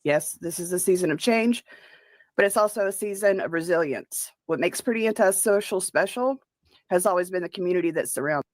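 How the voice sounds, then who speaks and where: A woman reading a scripted statement about her show in a measured, formal way. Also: on the low side, dry recording. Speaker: show announcer.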